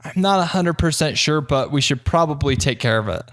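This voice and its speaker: A young man with a fairly high voice tells a story on a podcast, swinging his voice way up when he acts out the other side. His delivery is loose and chatty, straight into a desk mic. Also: a little fast. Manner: animated storyteller, acts out both sides with big pitch jumps. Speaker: podcast co-host. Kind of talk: casual chat.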